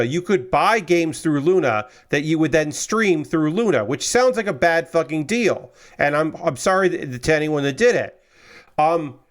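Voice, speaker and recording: Tired, slightly high-voiced male streamer. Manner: rambling, swears casually, frequent fillers. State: tired and yawning. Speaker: streamer hosting a model kit build stream. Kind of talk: casual chat while building.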